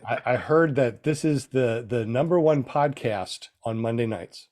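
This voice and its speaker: A man's voice: mid-range voice, measured pace, a little mellow. A man hosting a casual podcast over a video call, upbeat and thanking sponsors and panel members. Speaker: podcast host.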